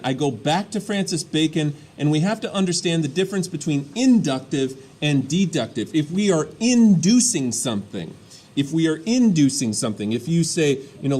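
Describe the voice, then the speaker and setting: A man teaching a history lesson, explaining step by step and often checking in with quick "all right?" and "okay?" asides. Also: medium pitch, a little mellow. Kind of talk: classroom lecture.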